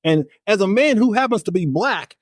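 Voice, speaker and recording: A man's voice: sits high, expressive, normal speed, dry recording, clean studio sound. A middle-aged man, a life coach and author, speaking emphatically and upbeat as a podcast guest. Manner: emphatic, upbeat, repeats key phrases. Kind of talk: podcast interview.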